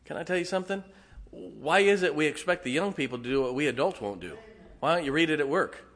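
A middle-aged man preaching a sermon, telling folksy, animated stories with asides to the congregation. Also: fairly high pitch, fast. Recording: long hall reverb.

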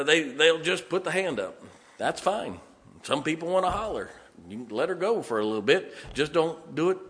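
A man preaching a sermon as pastor, folksy and joking, telling stories and raising his voice for emphasis. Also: on the high side. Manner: lively, raises voice for emphasis.

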